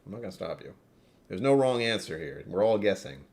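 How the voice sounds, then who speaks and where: A man's voice: fairly low pitch, sing-song, fairly quick, gravelly, darkish tone. A man hosting a whiskey tasting livestream, chatting casually with viewers in a wry, self-mocking way.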